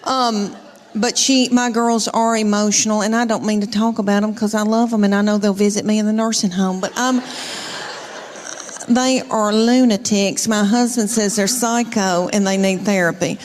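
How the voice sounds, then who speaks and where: A woman's voice: mid-range voice, steady tone, moderate pace, a little hiss or hum. A woman with a Southern US accent doing a folksy, exasperated stand-up story about her family. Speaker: stand-up comedian. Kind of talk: stand-up routine.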